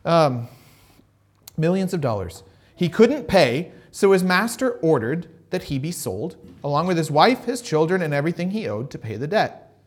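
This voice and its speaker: A man preaching a casual, conversational sermon, retelling a Bible story with animated asides and frequent check-ins with listeners. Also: a little high, moderate pace. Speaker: pastor.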